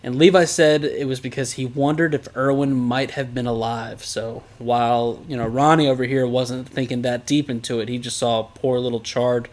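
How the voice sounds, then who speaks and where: A man's voice: medium pitch, fairly even intonation, normal speed, hardly any pauses. A man co-hosting a casual podcast, recapping an episode with a teasing, sarcastic edge and jokey asides. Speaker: podcast co-host.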